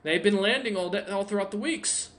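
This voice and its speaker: A man voicing a gruff, suspicious male dwarf guard in a tabletop game. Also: sits high, brisk, fairly bright tone, pitched above the performer's own voice. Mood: alarmed.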